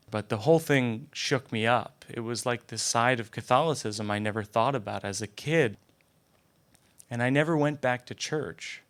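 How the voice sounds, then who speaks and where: A man's voice: lowish voice, fairly bright tone, clean tone. A young man telling a comic personal story in a conversational, self-deprecating way, often stumbling over repeated words. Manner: conversational, self-deprecating, frequent stammered restarts. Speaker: comedian.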